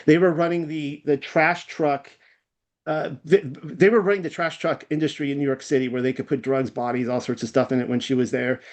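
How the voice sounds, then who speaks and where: This man's voice sits on the high side, steady and brisk, with a Californian accent. He's a podcast guest in a casual online chat, rambling along in a self-deprecating way with plenty of fillers and restarts.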